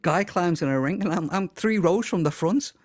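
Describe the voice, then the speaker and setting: A man's voice: high-pitched, normal speed, dry recording, studio quality. A middle-aged man from Liverpool with a Liverpool accent, a pastor telling his story in a casual chat and acting out what people said. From Liverpool, England. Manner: vivid storyteller, acts out quotes. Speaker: pastor, guest.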